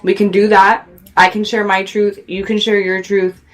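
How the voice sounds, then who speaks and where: A woman's voice: mid-range voice, flat delivery, moderate pace. A middle-aged woman hosting a radio show, giving an earnest, reflective motivational talk to her viewers. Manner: earnest, reflective, speaks louder when worked up.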